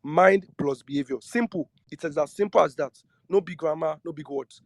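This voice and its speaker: A man's voice: a little high, normal speed, no room sound. A man giving an earnest lecture on trading psychology, often repeating himself and asking listeners questions. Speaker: trading teacher. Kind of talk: lecture-style talk to trading students.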